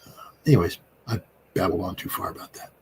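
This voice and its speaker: A man's voice: deep voice, fast, slight background noise. Rambling, emphatic middle-aged American man. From United States. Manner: rambling, emphatic, frequent fillers and restarts. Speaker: guest commentator. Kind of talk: conversational political commentary.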